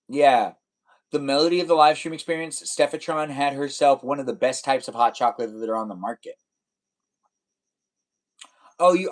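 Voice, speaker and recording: Chatty young man hosting a livestream. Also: a little high. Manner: rambling, playful teasing, talks straight to chat viewers. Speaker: livestream host. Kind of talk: casual livestream chat reading viewer comments.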